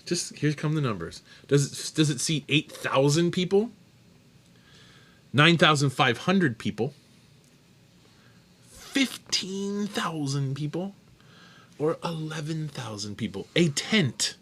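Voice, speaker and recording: Animated joking man reading trivia. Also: on the high side, slow, pauses often, slightly rough. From United States. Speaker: podcast co-host running trivia. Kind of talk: casual beer podcast chat.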